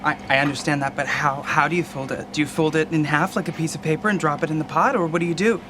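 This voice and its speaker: A woman's voice: low voice, steady tone, quick pace, background noise, pitched below the performer's own voice, natural voice. A woman voicing a confused, bumbling man who keeps asking how to do a cooking step, with hesitant, puzzled questions. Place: home kitchen.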